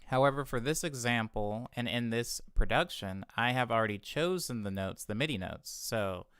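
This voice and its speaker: A man's voice: medium pitch, moderate pace, a bit bright, smooth, dry recording, studio quality. A man, a music producer, explaining his vocal chain step by step in a casual tutorial, stopping now and then to correct himself. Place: home music studio.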